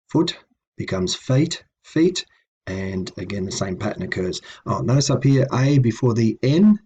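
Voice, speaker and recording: A man giving a patient, methodical lesson on old language grammar, pausing with ums and correcting himself as he goes. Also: lowish voice, warm tone, husky. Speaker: language teacher. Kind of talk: explanatory lecture.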